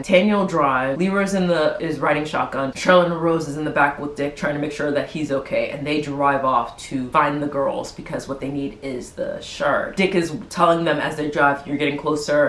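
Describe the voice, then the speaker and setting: A woman hosting her own show, casually recapping a TV episode in an animated way, swearing and laughing as she retells scenes. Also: low-pitched. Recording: echoey room.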